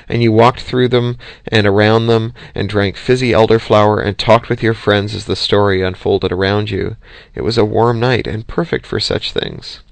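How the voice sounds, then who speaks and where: A man reading an audiobook in a steady, measured way, close to the mic. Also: fairly low pitch, vocal fry, no echo. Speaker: audiobook reader. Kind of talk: audiobook narration.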